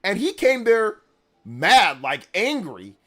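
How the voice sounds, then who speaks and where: On his relaxed gaming stream, a gaming news streamer with a high-sitting voice takes his time, spinning meandering, slang-heavy tales. "Bro" and "like" pop up constantly, and his delivery turns loud and lively once he's into a story.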